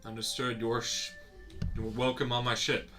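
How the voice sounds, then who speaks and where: A man's voice: mid-range voice, flat delivery, normal speed, over music. A man playing a ship's captain in a tabletop game, speaking plainly. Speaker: player. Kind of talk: tabletop role-play.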